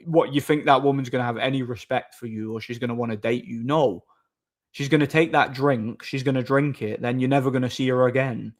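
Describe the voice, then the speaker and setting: A man's voice: medium pitch, fairly even intonation, moderate pace. A man chatting casually on a live stream, reading viewer messages aloud, rambling with repeated words and frequent laughter.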